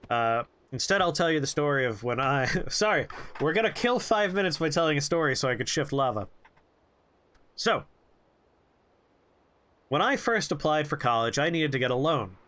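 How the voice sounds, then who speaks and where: A man's voice: mid-range voice, bright, forceful tone. A young man streaming a game who tells a rambling, jokey story with lots of animation. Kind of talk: storytelling while playing a game.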